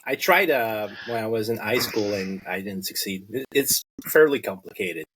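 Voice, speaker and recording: A man co-hosting a podcast, speaking earnestly and a bit haltingly about sobriety. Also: on the low side, lively intonation, a bit bright, a little hiss or hum. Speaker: podcast co-host. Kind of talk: casual recovery chat.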